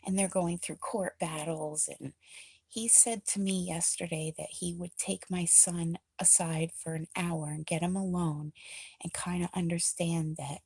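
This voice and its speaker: A woman talking in a casual, confessional way, feeling low and emotional, soft-spoken and rambling with many pauses, often dropping into a breathy near-whisper. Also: fairly even intonation, no room sound. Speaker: vlogger.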